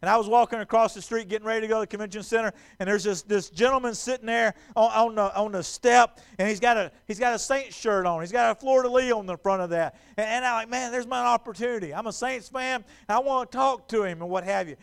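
Gravelly high-voiced preacher. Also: male voice, quick pace, few pauses. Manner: animated, acts out quoted voices, repeats words. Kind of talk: sermon. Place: church sanctuary.

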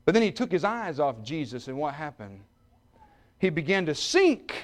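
A man preaching a sermon, dropping to quiet, joking asides and rising to shouted peaks. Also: a little high, big pitch swings, normal speed. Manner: humorous, self-mocking asides.

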